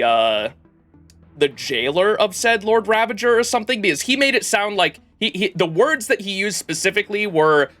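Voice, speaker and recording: A man with a bright, clear tone talks loosely over a game stream and reads story text aloud, stumbling and restarting as he goes. Soft game music runs underneath. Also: mid-range voice. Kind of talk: casual livestream commentary and lore reading.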